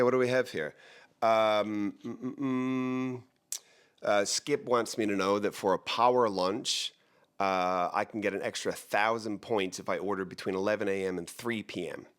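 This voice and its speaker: A man with a very low, deep voice talks casually to the camera as the host of a real estate show. He rambles and jokes, stops himself mid-thought, and restarts his sentences. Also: a bit bright, smooth. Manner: rambling, joking, self-interrupting.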